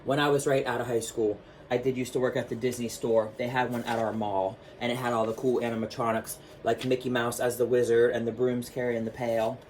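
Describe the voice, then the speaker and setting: A man vlogging, telling a personal story in a chatty, animated way with lots of fillers while showing his artwork. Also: medium pitch, a little fast, a little hiss or hum.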